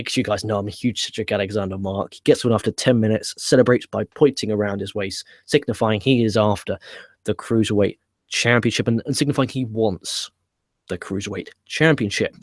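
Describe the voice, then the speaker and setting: A man giving a casual, opinionated recap of a wrestling show he is booking, blunt and quick to swear. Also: fairly low pitch, no echo, studio quality.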